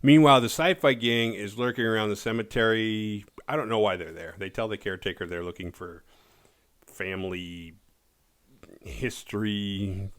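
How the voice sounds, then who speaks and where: A man casually recapping a horror movie's plot, laid-back and profane, slipping into quick voices for the characters. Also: low-pitched, fairly bright tone, dry recording.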